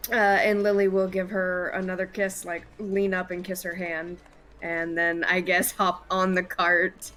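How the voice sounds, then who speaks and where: A woman's voice: fairly low pitch, level tone, a little slow, a bit bright. A woman playing a tabletop game, casually describing her character's actions with frequent laughter. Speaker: player. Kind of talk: tabletop role-play.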